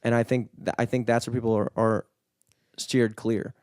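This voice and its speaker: A man's voice: mid-range voice, little pitch movement, moderate pace, darkish tone, dry recording. Man, podcast co-host, casual rambling chat, heavy swearing, dry close mic. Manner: rambling, swears a lot, heavy filler words. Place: studio.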